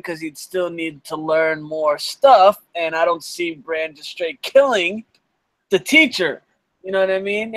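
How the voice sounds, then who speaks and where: A man co-hosting a casual podcast, speaking in a high voice. He is blunt and profane and throws in comic asides. The sound is dry, with no room echo. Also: fairly bright tone. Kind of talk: casual live podcast chat.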